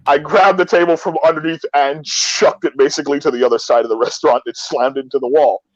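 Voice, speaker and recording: A man telling a story in casual talk, animated and profane, often repeating his words. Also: a little high, fast talker, no echo, dull audio.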